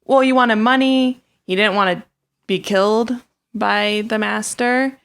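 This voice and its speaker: A woman's voice: mid-range voice, steady tone, measured pace, a bit bright, clean tone. A woman co-hosting a podcast, reasoning aloud in casual chat.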